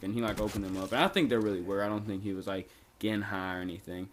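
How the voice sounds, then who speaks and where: A man's voice: on the low side, fairly even intonation, very fast, a little hiss or hum. A young man vlogging a casual storytime, rambling and laid-back, with lots of "like" fillers.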